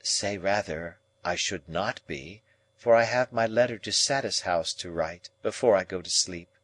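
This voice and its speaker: Man reading cold proud young woman, quiet dismissive replies, storybook, dry close recording. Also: low voice, unhurried, no room sound. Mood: cool.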